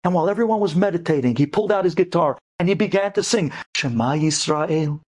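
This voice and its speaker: A man from Brooklyn telling a stirring story to an audience, swinging from loud high bursts to low murmurs and sprinkling in Hebrew and Yiddish terms. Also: very fast. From Brooklyn, New York.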